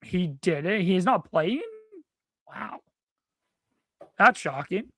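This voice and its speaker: A young man co-hosting a sports talk stream, reacting with quick exclamations and offering opinions. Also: sits high, expressive, bright, forceful tone. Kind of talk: casual sports chat.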